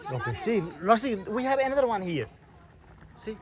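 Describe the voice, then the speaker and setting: A man's voice: high voice, very animated, moderate pace, crowd noise. Coaxing man. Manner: coaxing, sing-song talk to a toddler, mixing English and Nepali. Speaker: vlogger and father. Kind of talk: casual family vlog narration. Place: outdoors on a farm.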